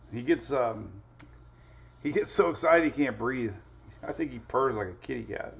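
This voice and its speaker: Gravelly laid-back weather streamer guy. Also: medium pitch, animated, unhurried, pauses often. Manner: laid-back, chuckling, answers viewer comments. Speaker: weather livestream host. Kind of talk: casual live-stream chat.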